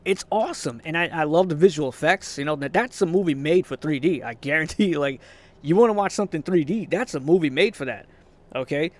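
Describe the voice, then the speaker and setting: A man's voice: on the high side, animated, brisk. A young man ranting casually about movies, frustrated and swearing, rambling with restarts and short laughs. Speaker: vlogger.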